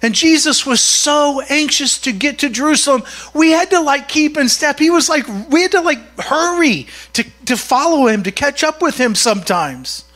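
Man doing a flustered disciple, chatty, rushed, high voice. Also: animated, a bit bright. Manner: chatty, breathless retelling. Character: flustered male disciple recalling hurrying after his teacher.

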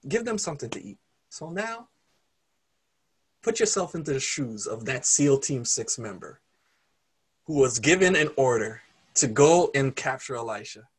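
A man preaching, retelling a story in an animated, conversational way. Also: medium pitch, unhurried, pauses often, husky. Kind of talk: sermon storytelling.

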